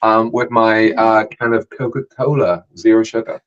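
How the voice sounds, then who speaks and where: A man's voice: fairly low pitch, little pitch movement, moderate pace. Hesitant man with a dull, muffled sound. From United Kingdom. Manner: hesitant, repeats words, teasing. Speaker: podcast co-host. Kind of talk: casual podcast banter.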